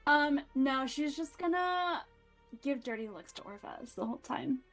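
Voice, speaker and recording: A woman playing in a tabletop game, excitable and casual, swearing now and then. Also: sits high, unhurried, faint music behind. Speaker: player.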